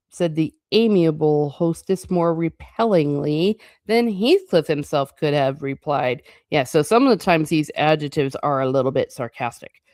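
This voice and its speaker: A woman reads a classic novel aloud, her voice pitched a little low. She stops often for quick, chatty, playful remarks. The sound is dry and close, with no room echo. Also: lively intonation, darkish tone. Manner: chatty asides between passages, quick and playful. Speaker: book reading channel host. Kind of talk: reading a novel aloud with casual commentary.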